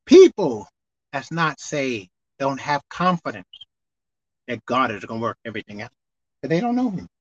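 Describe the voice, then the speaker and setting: A woman preacher giving a televised sermon, animated and swinging between loud exclaiming and low murmuring. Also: normal speed, pauses often, dry recording, dull audio.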